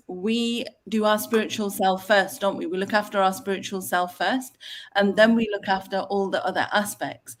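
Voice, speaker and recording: A woman hosting a casual online chat, talking in a rambling, chatty way with many fillers. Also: medium pitch. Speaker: host.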